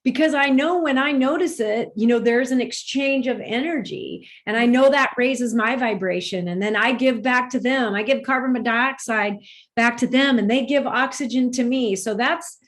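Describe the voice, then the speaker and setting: Earnest high-voiced woman telling stories. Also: normal speed. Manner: earnest storytelling, rambling with restarts. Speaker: guest. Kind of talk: spiritual conversation.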